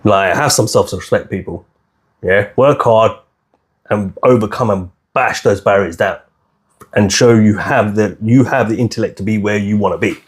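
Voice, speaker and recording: A man's voice: on the low side, moderate pace, slightly rough. A man hosting a podcast, speaking in a heated, preachy way and repeating his points. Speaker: podcast host. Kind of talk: casual opinionated podcast chat.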